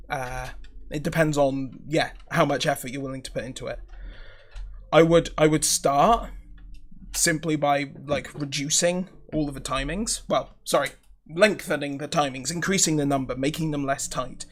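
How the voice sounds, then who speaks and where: A man's voice: fairly high pitch, steady tone, moderate pace. A man co-hosting a tech repair stream, explaining technical fixes with dry joking asides. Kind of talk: casual chat.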